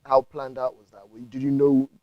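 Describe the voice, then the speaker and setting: A man's voice: mid-range voice, completely flat delivery, fairly quick, dry recording, dull audio. A man hosting a podcast, asking brief, direct interview questions and giving short affirmations. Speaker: podcast host.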